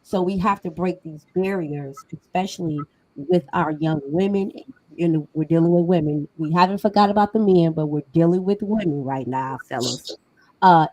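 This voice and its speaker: A woman's voice: on the low side, a little mellow, no echo, poor audio. Emphatic woman podcast host, dry sound. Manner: emphatic, conversational, laughs often. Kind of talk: casual podcast discussion.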